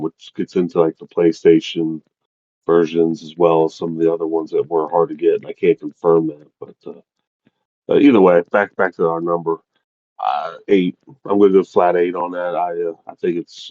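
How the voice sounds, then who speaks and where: A man's voice: low voice, level tone, mellow, dry recording, highs cut off. A man co-hosting a video game podcast, talking casually with many restarts and fillers. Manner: rambling, halting restarts. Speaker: podcast co-host. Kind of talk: casual chat.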